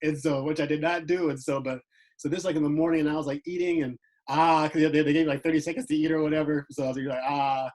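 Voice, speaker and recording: Young air force vet co-host, slightly high voice, rambling chat, many fillers. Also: male voice, steady tone, fast talker, a little mellow, rough recording. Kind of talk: casual chat.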